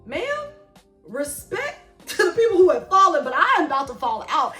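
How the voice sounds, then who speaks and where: A young woman talks through her running vlog in a high, sharp, bright voice. She tells the story with animated drama and joking asides. Faint music plays under her voice. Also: fairly quick. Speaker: running vlogger.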